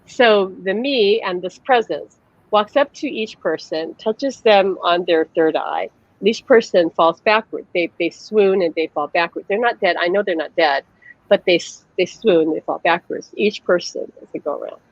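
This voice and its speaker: This psychic medium speaks at a moderate pace in a voice on the low side, hosting a live online chat via video call. Her audio is lo-fi with no room sound. Casual and chatty, she recounts personal stories, voicing the people she quotes and saying "like" constantly.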